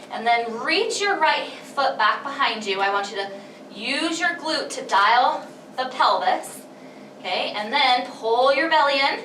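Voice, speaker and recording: A woman's voice: sits high, sharp tone, a little hiss or hum. A woman leading a pilates workout, counting breaths and reps in an encouraging way, slightly out of breath. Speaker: pilates instructor. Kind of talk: guided workout instruction. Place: home workout space. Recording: echoey room, mic at a distance.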